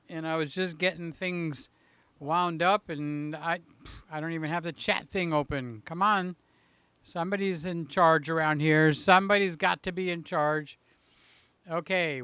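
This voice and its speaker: High, crisp-voiced man chatting on a live stream. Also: bright, forceful tone, dry recording. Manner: chatty, jokey, reads chat aloud. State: a little out of breath. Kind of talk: casual live stream chat. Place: room in his house. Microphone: handheld mic.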